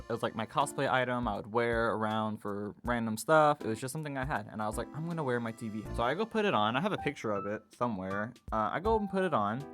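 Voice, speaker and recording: A young man in his twenties casually telling a personal story, acting out what people said in a raised, animated voice. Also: mid-range voice. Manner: animated retelling, acts out quotes in a raised voice. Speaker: vlogger. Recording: guitar music playing behind. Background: guitar music.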